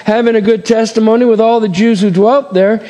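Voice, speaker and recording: Male preacher, fairly high voice, dynamic sermon delivery, long hall reverb. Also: a little fast. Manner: expressive, swings between loud and hushed.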